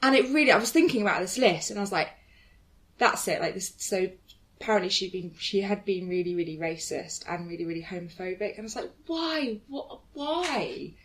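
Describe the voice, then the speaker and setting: Woman, podcast co-host, animated storyteller who acts out quotes. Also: fairly low pitch, fast. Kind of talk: casual chat.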